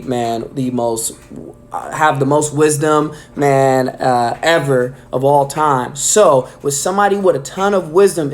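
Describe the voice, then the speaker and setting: A man delivering a casual weekly devotional message, enthusiastic and filling his talk with "man" and "um". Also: medium pitch. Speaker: preacher.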